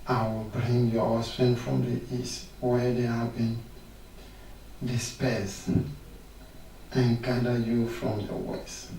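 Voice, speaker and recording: A man's voice: mid-range voice, little pitch movement, slow pace, creaky, pauses often, warm tone, slight background noise. A male pastor preaching a healing sermon, reading scripture aloud and declaring confessions of faith with rising emphasis. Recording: echoey room, mic at a distance.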